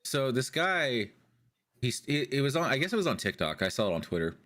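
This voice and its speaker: A man with a medium-pitched voice talks briskly while co-hosting a casual podcast. He's an animated storyteller, retelling a tale and acting out the quoted lines of the people in it.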